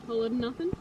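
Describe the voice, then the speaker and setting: A woman's voice: a little high, background noise. Chatty upbeat woman vlogging. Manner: chatty and upbeat, laughs often. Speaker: travel vlogger. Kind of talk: casual vlog chat.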